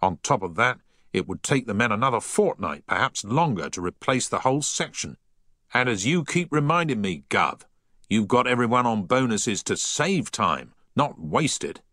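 A man's voice: mid-range voice, very animated, normal speed, bright, forceful tone, no room sound, clean studio sound, pitched above the performer's own voice. A man voicing a curt, dismissive dockyard foreman in a story reading. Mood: blunt.

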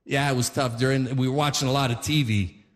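A man's voice: mid-range voice, steady tone, fairly quick, in a large hall. A man in his forties telling a rambling stand-up story, full of fillers and restarts. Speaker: stand-up comedian. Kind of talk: stand-up comedy routine.

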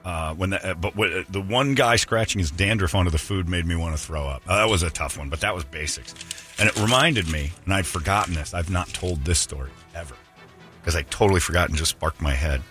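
A man's voice: low-pitched, a little fast, a bit bright, soft background music. A man hosting a radio show, telling a long rambling story in a casual, anecdotal way with restarts and asides.

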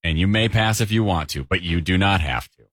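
A man's voice: sits low, a little fast, a bit bright, no echo, studio quality. A man hosting a radio game segment, playful and laughing often. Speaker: radio show host. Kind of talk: casual radio game banter.

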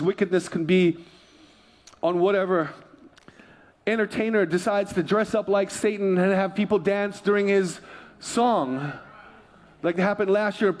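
A male pastor preaching a sermon in a church, telling stories in a conversational, joking way. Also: high voice. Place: church sanctuary.

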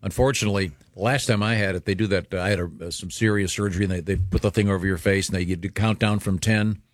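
Low-voiced folksy male host, dry sound. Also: steady tone, quick pace, dry recording. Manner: folksy, rambling storyteller with many fillers. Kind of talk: casual chat.

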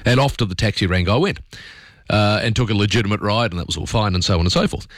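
A man's voice: lowish voice, fast talker, dry recording, studio quality. An Australian man hosting talkback radio, talking through his opinions in a conversational, opinionated way with plenty of fillers.

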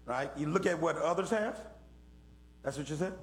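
With a little hiss or hum in the background, a middle-aged Bible teacher speaks at a moderate pace in a highish voice. He runs a participatory lesson for youth, questioning them and picking listeners to answer in a homespun preaching way.

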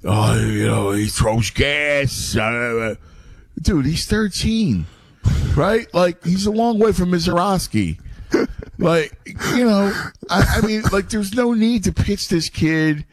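A man's voice: high-pitched, animated, slow, no echo, studio quality. A middle-aged man in casual chat who talks animatedly, stumbles over his words, and says "dude" a lot.

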